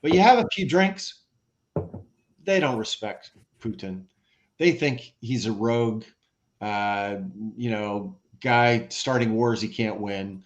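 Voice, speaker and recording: An American man, a former ambassador, giving an animated, conversational expert talk with rhetorical questions and frequent restarts, over a video call. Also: on the low side, takes it slowly, highs cut off.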